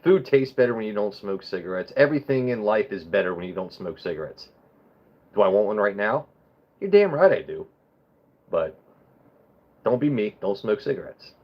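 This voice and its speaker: A man's voice: fairly low pitch, lively intonation, a little fast, muffled recording. A young man hosting a live stream, chatting loosely with viewers and swearing while he tastes whiskey. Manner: loose, swearing, talks straight to chat. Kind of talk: casual live-stream chat and whiskey tasting.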